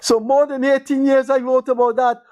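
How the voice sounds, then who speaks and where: A man's voice: very high-pitched, level tone, moderate pace, darkish tone, smooth. An older man with a Guyanese accent hosting a call-in show, talking in exasperated, rambling commentary. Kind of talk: call-in radio talk.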